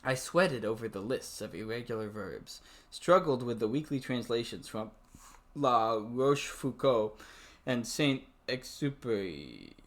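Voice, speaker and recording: A man's voice: medium pitch, expressive, a little slow. A man reading a novel aloud and interrupting with sarcastic, swearing asides. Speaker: amateur reader. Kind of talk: mocking dramatic reading.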